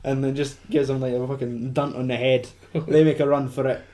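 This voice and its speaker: A man's voice: medium pitch, flat delivery, fairly quick, dark tone. A man co-hosting a casual film chat, rambling and sweary with lots of fillers. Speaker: podcast co-host.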